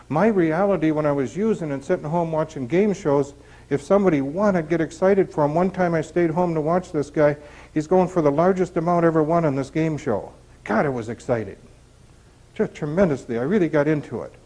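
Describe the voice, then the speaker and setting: Man, middle-aged, recovery speaker, talking to a group, conversational, rhetorical questions, warm mellow tone. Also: a little high, rough recording. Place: retreat center meeting room.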